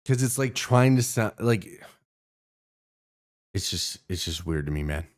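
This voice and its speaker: A man's voice: sits low, animated, unhurried. Rambling, profane young man streamer. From Canada. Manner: profane, rambling, many fillers and restarts. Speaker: streamer host. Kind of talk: casual rant to stream viewers.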